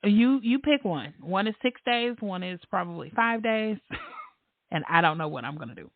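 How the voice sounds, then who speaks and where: A woman hosting a casual podcast, an animated storyteller who laughs often and acts out the voices of the people in her stories. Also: mid-range voice, normal speed, dry recording. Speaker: podcast host. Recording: tinny phone-like line, dry.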